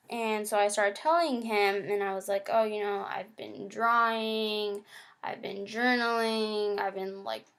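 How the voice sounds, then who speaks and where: A woman vlogging in a casual confessional way, chatty and full of filler words, acting out her own past thoughts. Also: on the high side. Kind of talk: casual confessional talk to camera.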